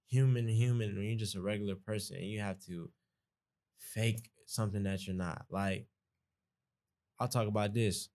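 Rambling young Southern man, lowish voice. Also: gravelly, a little mellow. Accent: Georgia, US South. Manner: rambling, restarts often, folksy. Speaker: podcast guest. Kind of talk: casual conversation.

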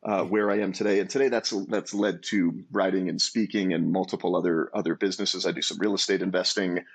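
Man in his 40s, low husky voice, earnest storyteller, interview guest. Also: brisk. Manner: earnest, animated storytelling with restarts. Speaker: guest, entrepreneur.

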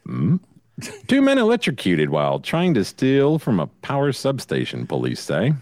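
A man co-hosting a podcast, reading news stories and tossing in deadpan puns. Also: mid-range voice, normal speed, no room sound, clean studio sound. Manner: deadpan punning. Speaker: podcast co-host.

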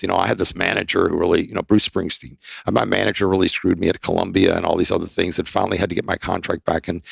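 A man's voice: on the low side, gravelly, dry recording. An older man, a podcast guest, telling rambling, emphatic anecdotes in a casual interview. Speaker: expert guest.

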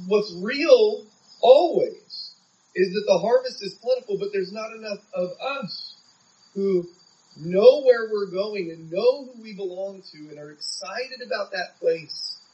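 Male preacher from San Diego, earnest conversational sermon, a bit high-pitched, mic set back, faint crickets behind. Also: mellow, distant mic, muffled recording.

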